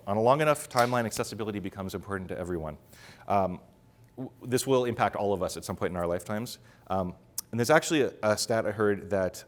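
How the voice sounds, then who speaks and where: Middle-aged guy talking fast at a conference, lots of ums, kinda low voice. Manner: fast-talking, many fillers. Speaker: conference speaker. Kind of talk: conference talk. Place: conference room with audience.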